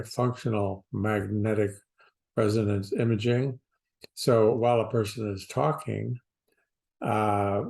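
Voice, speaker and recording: A man who coaches people who stutter, explaining in a slow, deliberate, plain-spoken way with pauses. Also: fairly low pitch, vocal fry, a little mellow. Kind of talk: casual explanatory talk to camera.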